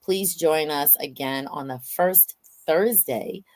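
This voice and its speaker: Low-voiced woman hosting a chat. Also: slow. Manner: lively, playful storytelling. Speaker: host. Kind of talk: casual chat.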